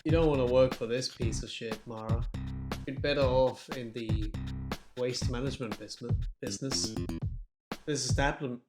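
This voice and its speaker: Streamer doing a big gruff bar owner. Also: medium pitch, steady tone, normal speed, lightly acted. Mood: gruff, concerned. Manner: blunt, teasing. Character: large, gruff but caring bar owner man. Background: game music.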